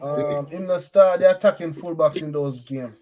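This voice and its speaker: A man hosting a football fan stream, chatting in patois with shout-outs and laughing banter. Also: fairly high pitch, moderate pace. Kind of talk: casual chat.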